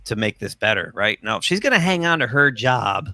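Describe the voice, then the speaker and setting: Gravelly low-voiced guy hosting a geek news stream, dry close sound, reads quotes w/ snark. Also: sing-song, normal speed, pushed and bright, no room sound. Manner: reads quotes aloud with sarcastic asides. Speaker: host. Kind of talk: livestream news commentary.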